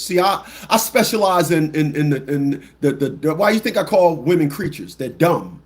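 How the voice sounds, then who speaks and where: A man hosting a livestream talk show, telling a story bluntly and mockingly, repeating phrases and mimicking people with shrill squawks. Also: lively intonation, normal speed, few pauses. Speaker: radio show host.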